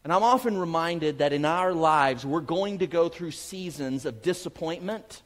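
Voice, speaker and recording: A man's voice: on the high side, normal speed, big-room sound. A man preaching a sermon, telling a family story and building to emphatic, repeated phrases. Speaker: pastor.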